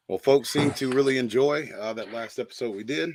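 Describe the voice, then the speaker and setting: A man's voice: medium pitch, brisk, noisy background. A man hosting a late-night online show, talking in a loose, folksy way. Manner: loose, folksy, hesitant with fillers. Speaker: host.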